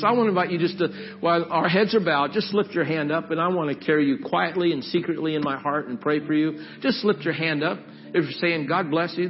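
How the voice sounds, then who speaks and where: A man's voice: high voice, highs cut off, slight background noise. A man preaching as a pastor, earnestly pleading and leading the congregation in prayer during an altar call.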